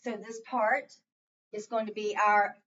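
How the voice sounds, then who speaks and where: A woman's voice: mid-range voice, little pitch movement, measured pace, fairly bright tone. A woman teacher runs a phonics lesson and keeps prompting students with fill-in questions. Her voice is distant, picked up from across a classroom. The sound is dull and muffled.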